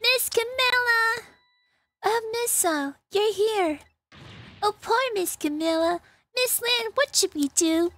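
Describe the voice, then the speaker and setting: A woman's voice: very high voice, takes it slowly, fairly bright tone, voice pushed up, full character voice. A woman reading aloud for a little male dog figure from a game, yappy, breathless and eager. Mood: anxious.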